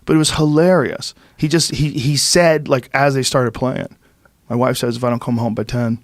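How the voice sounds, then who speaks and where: A man in his fifties from the Boston area, hosting a podcast and telling casual stories in a lively, profane way. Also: mid-range voice, moderate pace, no room sound, clean studio sound. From Boston area, USA. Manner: profane, animated storytelling with rising excitement. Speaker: podcast host. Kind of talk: casual storytelling chat. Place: podcast studio.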